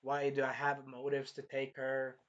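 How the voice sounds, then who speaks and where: Excitable man with a bright voice. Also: mid-range voice, normal speed, dull audio. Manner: excitable, rambling, jumping between plot points. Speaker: anime reviewer. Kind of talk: casual episode recap.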